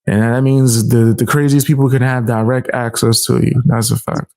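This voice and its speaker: A man's voice: mid-range voice, level tone, normal speed, darkish tone. A man hosting a casual interview, brash and self-assured, swearing freely. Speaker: host.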